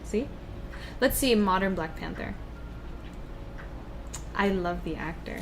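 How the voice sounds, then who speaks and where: A woman's voice: mid-range voice, animated, takes it slowly, background noise. A young woman co-hosting a casual livestream, chatting and reading viewer comments aloud. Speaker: livestream co-host.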